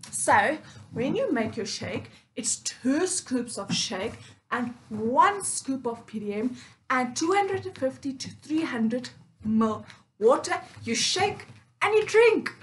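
A woman hosting a casual unboxing vlog, talking with excitement, repeating her phrases and using uneven grammar. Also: fairly high pitch, a little hiss or hum. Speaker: vlogger.

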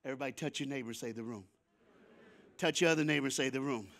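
A man preaching to a church congregation, telling a story in casual, slangy speech that swings between loud bursts and quiet asides and leads call-and-response. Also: mid-range voice, fast talker. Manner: lively storyteller with sudden shifts between loud and soft, chuckling. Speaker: guest speaker at a church.

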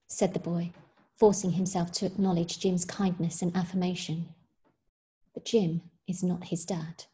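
A woman teacher reading a short story aloud in a measured, expressive way. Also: on the low side.

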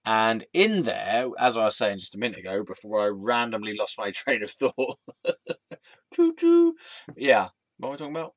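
A man's voice: fairly low pitch, expressive, normal speed, a bit bright, no room sound. A young man rambling in a scattered monologue, often laughing, swearing and losing his train of thought. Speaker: vlogger. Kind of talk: rambling stream-of-consciousness monologue.

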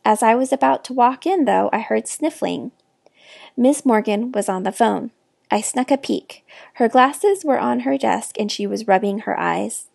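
A woman reading a children's novel aloud with expressive, clear narration. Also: on the high side, unhurried, no echo, studio quality. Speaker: reader. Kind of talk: storybook read-aloud.

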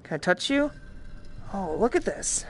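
A woman with a Boston accent giving casual, profane, excitable commentary while playing a VR game. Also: medium pitch, a little slow. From Boston, USA. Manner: profane, excitable, thinking aloud. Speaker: VR game streamer. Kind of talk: casual let's-play commentary.

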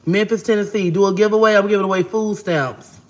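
A woman hosting a casual livestream, talking fast and giving shout-outs to viewers as she reads their comments. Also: mid-range voice, fairly even intonation.

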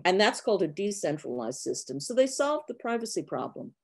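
A woman's voice: fairly low pitch, very animated, fairly quick. A woman in her sixties from New York, a professor answering questions frankly on a video call, with many fillers. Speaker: guest professor. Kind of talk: online Q&A answers.

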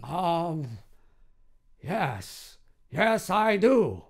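Impressionist, male, high and gravelly, very animated, shouty. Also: normal speed. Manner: loud zany character impressions. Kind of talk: comedy impression sketch.

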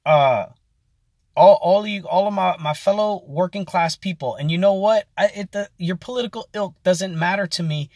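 A man's voice: sits high, moderate pace, darkish tone, no echo, clean studio sound. A man in his forties telling a story in a casual, rambling vlog with many fillers and restarts. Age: 40s. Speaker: vlogger.

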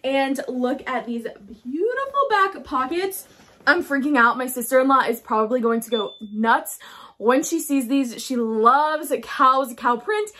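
A young woman chatting excitedly to her phone camera, gushing and chatty, with lots of fillers. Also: high voice, a little slow. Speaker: fashion haul vlogger. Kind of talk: casual excited chat to camera.

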